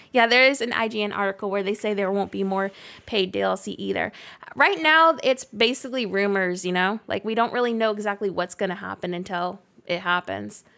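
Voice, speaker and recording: A woman streaming from home, with a Canadian accent that has blended with a Southern US one. She chats casually and reads viewer comments aloud, with plenty of likes and little laughs, at a middle, everyday pitch. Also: moderate pace, vocal fry, bright, forceful tone. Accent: mixed Canadian and Southern US. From near Canada. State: recovering from illness. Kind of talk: casual chat while gaming.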